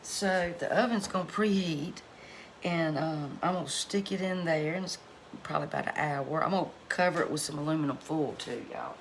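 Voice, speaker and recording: A woman's voice: low voice, normal speed, background noise. A middle-aged woman, chatting folksily to her cooking channel viewers at home, laughing often. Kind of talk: casual chat to viewers.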